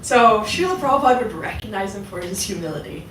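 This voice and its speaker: A woman leads a casual devotional class, her pitch rising and falling in a lively way as she puts questions to the group. She sounds a little distant from the mic, in a roomy, echoing hall with faint ambience behind her. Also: quick pace, slight background noise. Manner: conversational, asks the audience questions. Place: temple hall. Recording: echoey hall, voice from far off.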